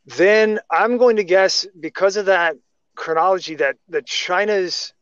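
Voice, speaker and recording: A man's voice: sits high, measured pace, a bit bright, smooth, no echo. A man talking casually in a podcast chat, rambling through restarts and tangents. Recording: dry, muffled lo-fi sound.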